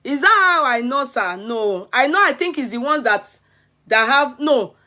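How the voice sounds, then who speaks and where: A woman's voice: on the high side, animated, moderate pace, bright, forceful tone. A Nigerian woman vlogger with a Yoruba-tinged accent, telling a comic childhood story in Pidgin, acting out the crying and laughing often.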